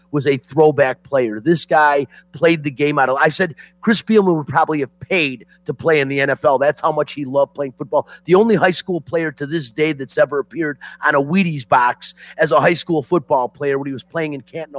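Excitable emotional sports talk man. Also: on the high side, normal speed, few pauses, dry recording. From Detroit. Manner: excitable, emotional, swings loud and soft. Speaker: sports radio host.

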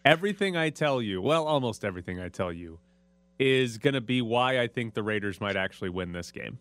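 Man, sports radio host, lively swings in pitch, dry studio sound, animated stats talk. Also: a little fast, no echo. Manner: animated, laughing, stats-heavy.

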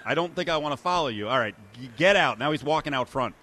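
Male radio host, casual and animated banter. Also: fast, a little hiss or hum. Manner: animated, mocks quotes in high voices, laughs. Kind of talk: casual sports talk radio.

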